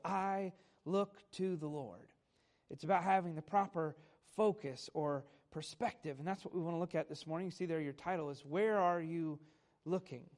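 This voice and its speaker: A man preaching a Sunday morning sermon, teaching at a measured pace, stressing key words and putting questions to the congregation. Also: fairly high pitch, darkish tone. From America. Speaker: pastor.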